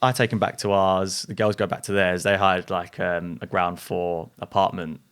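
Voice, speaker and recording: A man's voice: low voice, little pitch movement, moderate pace, fairly bright tone, clear, resonant tone. A man, a guest telling a rambling anecdote in casual chat, full of slang and fillers. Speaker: interview guest. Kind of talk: casual storytelling.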